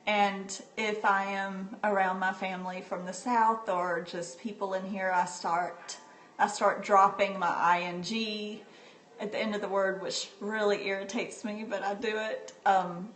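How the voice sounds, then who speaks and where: A woman's voice: medium pitch, level tone, a bit bright, a little hiss or hum. A woman from North Carolina chatting casually with livestream viewers from home on a handheld phone, often laughing as she talks. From North Carolina, USA. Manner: chatty and unhurried, laughs often while talking. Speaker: livestream host. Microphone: phone or tablet held by the speaker. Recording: roomy livestream phone audio.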